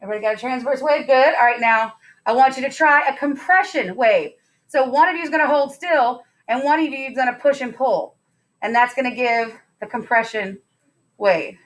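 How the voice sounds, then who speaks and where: A woman's voice: high voice, fairly quick, fairly bright tone. A woman teacher giving a science lesson in a classroom, upbeat and playful, putting questions to her students.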